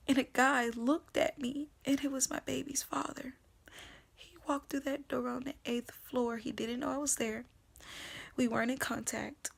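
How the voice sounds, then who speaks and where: A young woman telling her personal faith testimony, swinging between hushed whispers and loud emotional outbursts. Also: high voice, fairly even intonation, moderate pace, gravelly, slightly rough.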